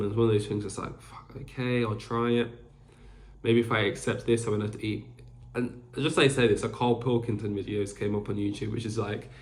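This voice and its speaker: A man's voice: fairly low pitch, darkish tone. A young man hosting a podcast alone, rambling casually with lots of fillers and restarts. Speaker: podcast host. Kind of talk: casual solo chat. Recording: echoey room.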